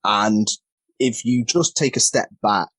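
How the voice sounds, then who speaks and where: A man with a fairly low, husky voice chats candidly as a guest, often poking fun at himself and laughing. The sound is dry and close, taken over a remote call. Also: takes it slowly, fairly bright tone, dry recording. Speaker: wrestler and podcast guest. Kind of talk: casual chat.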